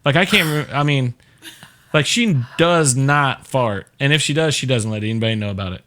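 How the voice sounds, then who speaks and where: A man's voice: medium pitch, moderate pace, fairly bright tone. A middle-aged man hosting a casual chat show, joking and rambling with lots of fillers. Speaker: show host.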